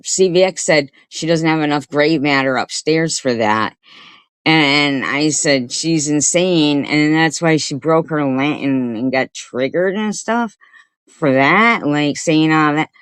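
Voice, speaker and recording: Brief: woman streamer, slow-talking and indignant, swears freely, dry close sound. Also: low voice, a bit bright, clean tone, no echo. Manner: indignant, profane, rambling. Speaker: livestreamer. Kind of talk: commentary livestream.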